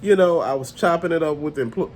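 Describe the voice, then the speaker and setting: A man hosting a casual vlog, ranting in an animated, profane, conversational way and often laughing as he talks. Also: a little high, fast, slight background noise. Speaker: toy channel host.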